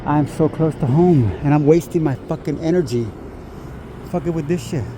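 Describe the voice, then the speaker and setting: On a phone camera recording, a worn-out man confronts the street with profane commentary, slowly calling out the plates of the cars he films. His voice is a little high, over background noise.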